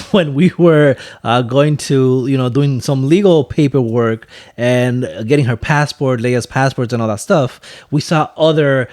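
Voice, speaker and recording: A man's voice: medium pitch, unhurried, hardly any pauses, darkish tone. A man co-hosting a casual podcast chat, asking questions and switching between English and Spanish. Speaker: podcast co-host.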